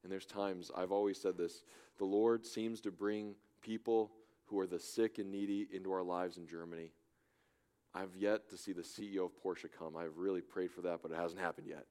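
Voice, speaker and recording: A man preaching a sermon as a church pastor, swinging between loud urgent appeals and hushed, soft pleas. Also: low-pitched, fairly even intonation, normal speed. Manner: impassioned, swings from loud urging to hushed softness. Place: church in Germany.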